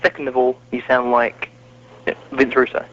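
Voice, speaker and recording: Delivering his lines completely flat, a mid-range-voiced man chats casually at a moderate pace on his wrestling podcast, mocking himself along the way. The audio is muffled lo-fi.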